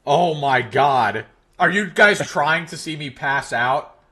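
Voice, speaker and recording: Young male streamer, bright tense voice, slightly high, exasperated jokey banter with chat. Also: animated, takes it slowly, breathy edge. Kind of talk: casual live stream chat.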